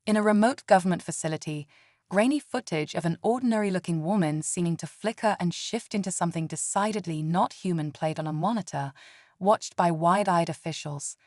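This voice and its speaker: A woman narrating a science fiction audiobook story in an even, steady way. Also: on the low side, fairly quick, dry recording, studio quality.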